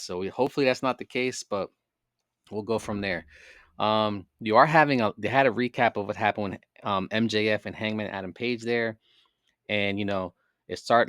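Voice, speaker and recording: A man's voice: lowish voice, fairly bright tone, dry recording, studio quality. A man hosting a podcast, recapping wrestling in a casual, rambling way with many fillers and self-corrections. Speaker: podcast host.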